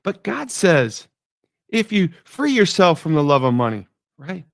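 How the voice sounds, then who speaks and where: A man's voice: on the high side, very animated, a little slow, creaky, dry recording. A man hosting a devotional talk, speaking emphatically and repeating his key phrases. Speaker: devotional podcast host.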